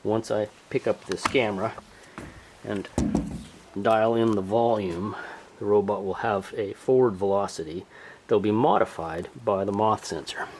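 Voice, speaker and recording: A man with a New Zealand accent casually explaining a small robot demo, relaxed and explanatory, on an outdoor deck. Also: on the low side, measured pace, slight background noise, poor audio. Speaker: hobby robotics demonstrator.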